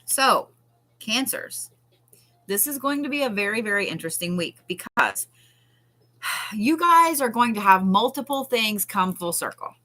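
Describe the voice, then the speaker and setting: A woman reads tarot cards on a live stream. Her voice is bright and forward, and her delivery is chatty and unfiltered. She drops casual curses and soothing reassurances as she talks. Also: medium pitch, expressive, measured pace. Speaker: tarot reader. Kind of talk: live-stream card reading.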